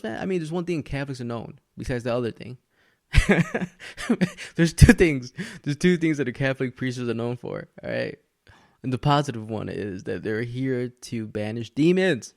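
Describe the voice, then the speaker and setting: A man's voice: medium pitch, expressive, moderate pace, gravelly, no echo, clean studio sound. A young man hosting a podcast, telling a story in rambling casual chat, laughing often and swearing. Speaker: podcast host.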